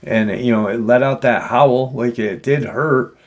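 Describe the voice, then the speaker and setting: A man retelling an encounter story as a paranormal show host, halting and leaning on "you know" fillers. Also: medium pitch.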